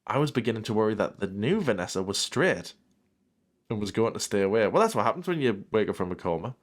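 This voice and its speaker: A man's voice: fairly low pitch, big pitch swings, fast talker. A man reading a fan story aloud and breaking off for dry, sarcastic comments. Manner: dry sarcastic interruptions, mock outrage. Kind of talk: comedic reading with sarcastic asides.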